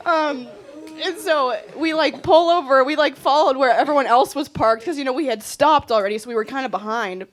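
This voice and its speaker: A teenage girl telling a funny trip story to an audience, animated and laughing as she acts out what people said. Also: high-pitched, fairly quick. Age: teens. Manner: animated, laughing, acting out quotes. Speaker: student sharing a trip story.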